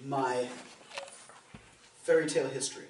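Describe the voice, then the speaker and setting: A man's voice: mid-range voice, fairly even intonation, a little slow, a little mellow, slight background noise. A man, a folk minstrel, telling a fairy tale to a live audience in a playful, theatrical way with joking asides. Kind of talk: live storytelling between songs. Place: indoor live concert venue with an audience. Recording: roomy live recording from far off.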